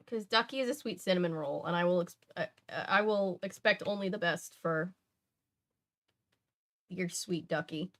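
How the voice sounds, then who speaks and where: A woman's voice: fairly low pitch, brisk, few pauses, fairly bright tone. A woman in her twenties, hosting a casual livestream, rambling and chatting with her viewers between bits of a book she is reading aloud. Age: 20s. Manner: rambling, chatty, self-interrupting.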